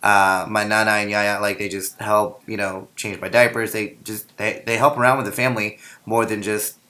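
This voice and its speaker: A young man from the Philippines co-hosts a casual podcast chat. His voice is bright and sits a little low, and he rambles through fillers and restarts while cracking jokes. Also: little pitch movement, moderate pace. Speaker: podcast co-host.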